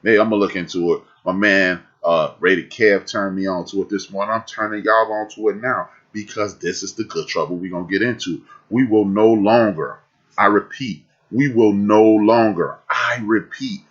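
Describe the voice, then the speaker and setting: Deep-voiced guy w/ hosting a live podcast, husky, preachy, repeats himself a lot. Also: fairly even intonation, brisk, hardly any pauses, sharp tone, highs cut off. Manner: fiery and preachy, repeats phrases for emphasis. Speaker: podcast host. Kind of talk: live-streamed talk.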